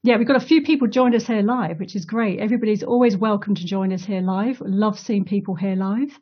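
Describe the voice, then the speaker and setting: Husky-voiced woman hosting a chat. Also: medium pitch, fairly quick, muffled recording. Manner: chatty, laughs easily, many fillers. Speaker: host of an online community talk. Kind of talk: casual online interview.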